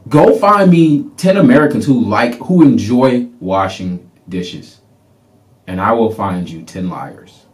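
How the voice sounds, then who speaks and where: A man hosting a podcast, telling a personal story in an animated way and acting out the people in it. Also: medium pitch, slow pace. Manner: animated, laughing, reenacts people. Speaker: podcast host.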